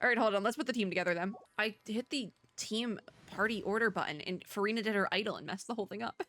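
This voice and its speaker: A young woman doing let's play commentary on a video game, animated and chatty, laughing to herself. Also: medium pitch, fast talker. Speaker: gaming YouTuber.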